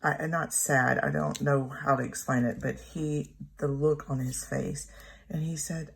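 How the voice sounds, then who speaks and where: A woman in her thirties telling a personal story at home in a rambling, halting way, often correcting herself. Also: low-pitched, steady tone, vocal fry, slightly rough. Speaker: planner vlogger. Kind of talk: casual storytelling while journaling. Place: home room.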